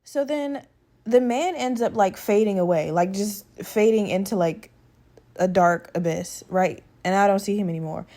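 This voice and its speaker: A woman's voice: mid-range voice, normal speed, mellow. Chatty, profane woman podcast host. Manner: rambling, profane, conversational, with many fillers. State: slightly rough voice from a lingering respiratory infection. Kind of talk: casual solo podcast chat.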